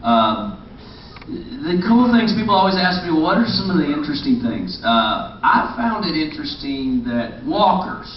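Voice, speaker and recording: A man's voice: a little high, very animated, normal speed, a little hiss or hum. Middle-aged man, panel storyteller, lots of restarts, distant echoey hall sound, dull muffled audio. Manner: rambling anecdotes with many restarts. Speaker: actor on a convention panel. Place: large convention hall.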